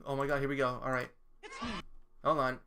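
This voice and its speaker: A young man chatting casually on a live stream, halting and self-questioning, swearing now and then. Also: medium pitch, flat delivery, sharp tone, slight background noise.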